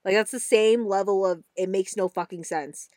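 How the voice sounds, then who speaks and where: A woman's voice: mid-range voice, normal speed, darkish tone, no echo, studio quality. A young woman co-hosting a casual chat with friends, blunt and emphatic, swearing freely.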